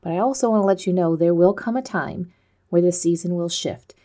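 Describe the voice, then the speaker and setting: A woman's voice: on the low side, brisk, warm tone. A woman in her forties hosting a podcast, talking candidly in a chatty, self-deprecating way with frequent laughs. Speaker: podcast host. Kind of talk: candid personal monologue.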